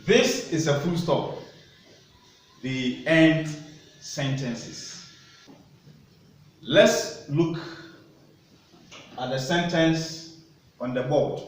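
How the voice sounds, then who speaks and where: A man with a high voice teaches young children at an unhurried pace, spelling each point out and asking questions. He sounds far from the microphone in a very echoey classroom. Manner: slow, deliberate teacher talk with questions to children. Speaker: primary school teacher. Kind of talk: recorded classroom lesson. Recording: echoey room, voice from a distance.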